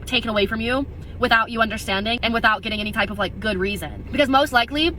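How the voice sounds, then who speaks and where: A woman's voice: a little high, pushed and bright, slight background noise. A young woman venting to camera, frustrated and swearing. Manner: rapid, frustrated, profane.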